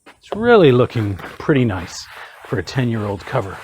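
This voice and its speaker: A man's voice: mid-range voice, very animated, moderate pace, a little mellow, breathy edge. A man hosting a casual how-to tutorial, chatty and folksy, with joking asides. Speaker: hot tub channel host.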